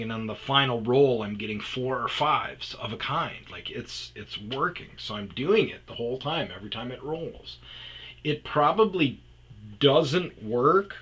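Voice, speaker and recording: A man's voice: mid-range voice, bright, forceful tone, slightly rough, rough recording. A man hosting a podcast, rambling through a personal story and trailing off into mumbles. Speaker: podcast host.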